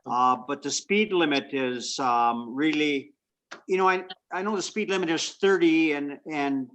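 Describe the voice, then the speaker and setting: A man, a council member, raising a citizen concern in a halting, polite way full of repeated words. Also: a little high, a bit bright. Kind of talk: remote council meeting discussion.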